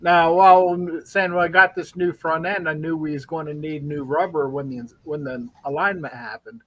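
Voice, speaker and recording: A man chatting casually as a guest on a live stream, folksy and quick to laugh. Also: on the high side, fairly even intonation, a bit bright, lo-fi sound. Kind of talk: casual chat.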